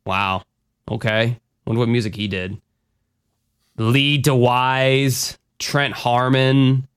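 A man's voice: mid-range voice, steady tone, slow, a bit bright, smooth, no room sound, studio quality. A man hosting a podcast in casual chat, rambling and swearing freely, with lots of fillers. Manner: rambling, profane, full of fillers. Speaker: podcast host.

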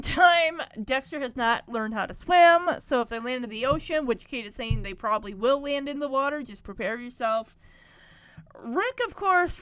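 A woman's voice: high voice, fairly bright tone, no echo. A woman casually recapping a TV episode, chatty and rambling with lots of fillers.

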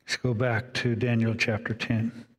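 A man's voice: medium pitch, level tone. Man preaching in a reverberant hall. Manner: preaching with dramatic pauses, voicing inner dialogue. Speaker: pastor. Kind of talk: sermon.

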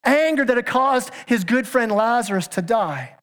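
A man's voice: extremely high pitch, expressive, normal speed, a bit bright. A man preaching a sermon as pastor, earnest and emphatic, asking his listeners question after question and sometimes stumbling into restarts. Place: church sanctuary. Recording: church hall with long reverb.

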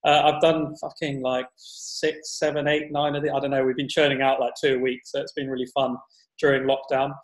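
A man's voice: medium pitch, flat delivery, a little fast, echoey room, poor audio. A man hosting a podcast, casual, joking and swearing, laughing often. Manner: jokey, sweary, laughs a lot. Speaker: podcast host.

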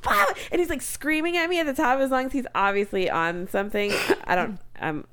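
A woman's voice: a little high, a little fast, few pauses, a little hiss or hum. A woman in her thirties telling a story in casual comedic chat, swearing freely and acting out the people in it. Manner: profane, animated storytelling with laughs. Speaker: podcast co-host telling a story.

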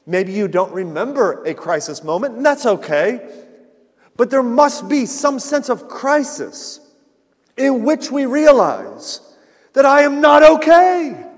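A man preaching a sermon in an earnest style, rising to loud emphasis and then dropping to a hushed, soft tone. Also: very high-pitched, sing-song, takes it slowly, big-room sound. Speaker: pastor.

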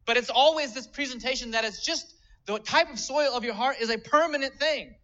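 A man's voice: very high-pitched, fairly quick, pushed and bright, lo-fi sound. A man preaching a sermon, earnestly explaining scripture step by step. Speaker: pastor.

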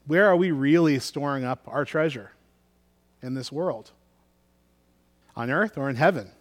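A man's voice: mid-range voice, a little slow. A middle-aged man preaching a sermon as pastor, reading scripture and then telling self-deprecating stories in a conversational way, with frequent restarts.

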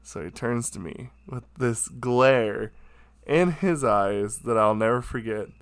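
A man recounts an embarrassing moment in an unhurried, drawn-out way, poking fun at himself and padding his sentences with "like" and "uh". His voice sits at a middle pitch. The sound is close and dry, with no room echo. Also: clean tone. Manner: self-mocking, chatty, heavy on fillers. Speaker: storyteller. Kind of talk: casual anecdote. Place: his own room at home.

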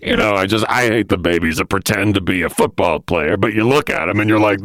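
A man's voice: lowish voice, lively intonation, fairly quick, hardly any pauses, a bit bright, dry recording. A man doing improv comedy, telling absurd little anecdotes.

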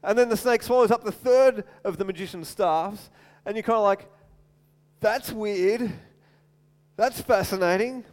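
High-voiced male preacher in echoing hall. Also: brisk. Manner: animated storytelling, acts out voices, repeats words. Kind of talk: sermon. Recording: long hall reverb.

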